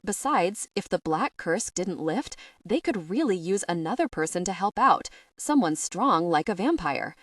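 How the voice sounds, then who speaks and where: A woman reads fantasy narration in a steady, even manner. Her voice sits on the low side, and the close studio recording is dry with no room echo. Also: moderate pace, few pauses. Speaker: audiobook narrator. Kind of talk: scripted narration.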